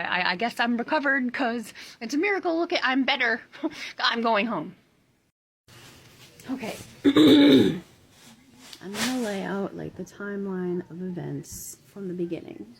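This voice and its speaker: A woman in her thirties talks into her phone from a hospital room, casual and furious, swearing often as she vents. Her voice sits a little high and has a husky, breathy grain. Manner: angry and profane, venting. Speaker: vlogger. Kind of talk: casual vlog from a hospital bed. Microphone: phone camera.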